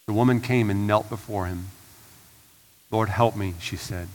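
A man preaching a sermon as pastor, swinging from hushed and slow to loud and urgent. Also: on the low side, steady tone. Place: church sanctuary.

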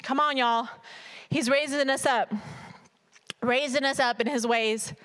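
A woman preaching a sermon in a humorous, animated way, talking straight to her congregation. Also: sits high, a little slow, smooth.

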